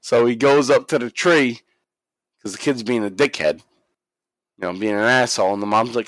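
In a dry recording, a man with a mid-range voice speaks a little slowly, leaving long pauses. He's a podcast co-host recapping wrestling in casual conversation, swearing freely and acting out the quotes with animated flair.

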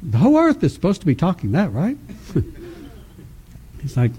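Man, conference preacher, lively storytelling, acts out conversations, chuckles often, stammering restarts. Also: on the high side, a little slow, pauses often, husky. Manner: animated storytelling, acts out dialogue with laughter; stammering restarts when speaking reflectively. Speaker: conference speaker. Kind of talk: sermon with personal testimony.

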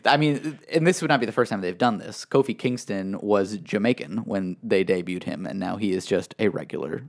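A man with a fairly low voice talks through a casual podcast conversation. He explains at length in a chatty, filler-heavy way. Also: a little fast, vocal fry. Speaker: podcast co-host. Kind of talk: casual wrestling chat.

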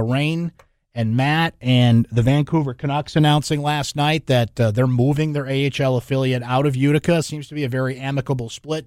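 A man hosts a sports talk radio show in a studio, chatty, energetic, and laughing often. He has a mid-range voice, and there's no echo.

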